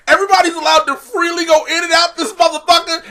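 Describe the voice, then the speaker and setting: A young man hosting a TV review show, ranting in a profane, animated way. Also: very high voice, quick pace, few pauses. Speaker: host.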